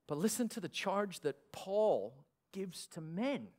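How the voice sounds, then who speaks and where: Aussie pastor guy preaching, kinda high voice, jokey sarcastic bits. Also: takes it slowly. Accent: Australian. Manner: animated preaching with sarcastic asides. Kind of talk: sermon.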